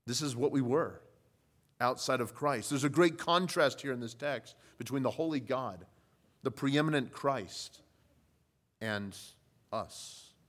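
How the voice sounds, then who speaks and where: A man preaching a sermon, measured and deliberate, building from quiet, low passages to loud, emphatic ones.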